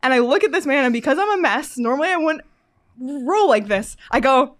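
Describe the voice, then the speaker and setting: A woman's voice: sits high, fairly quick. A woman co-hosting a sports podcast, casually telling a story with lots of laughs and fillers. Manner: animated, laughs often, frequent fillers. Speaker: podcast co-host.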